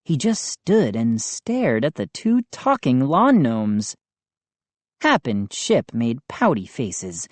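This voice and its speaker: A woman reading a children's audiobook aloud with expressive, unhurried storytelling. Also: rumbling low, no room sound. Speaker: audiobook reader.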